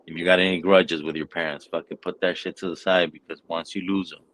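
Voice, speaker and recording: A man with a very deep voice talks in a casual, rambling way, dropping profanity constantly as he tells a story. He sounds like a relaxed, unscripted podcast host. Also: quick pace, poor audio. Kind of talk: casual chat.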